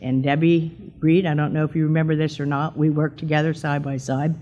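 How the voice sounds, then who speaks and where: With a warm, low voice that barely moves in pitch, an older Pennsylvania woman briskly gives a personal testimony before her church. She's a talkative storyteller who performs the quotes in a raised voice, though the recording is muffled.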